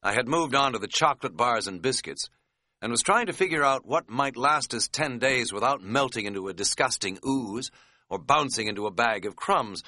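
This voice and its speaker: Wry male audiobook narrator: bright, sharp tone, very lively inflection, dry humor. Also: mid-range voice, normal speed, no room sound.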